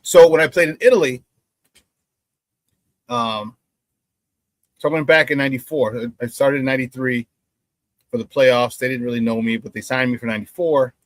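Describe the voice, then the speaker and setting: A middle-aged man hosting a sports talk show, telling stories with animated energy and acting out the banter he remembers. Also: medium pitch, normal speed, pauses often, no echo. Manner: animated storyteller, acts out quoted banter loudly, laughs often.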